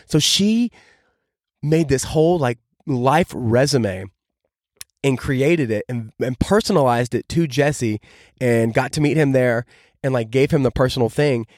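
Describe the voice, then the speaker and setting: A man's voice: mid-range voice, lively intonation, measured pace, a little mellow, dry recording, studio quality. Eager young man telling a story. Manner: enthusiastic, heavy use of "like" fillers. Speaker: podcast host. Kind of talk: casual storytelling monologue.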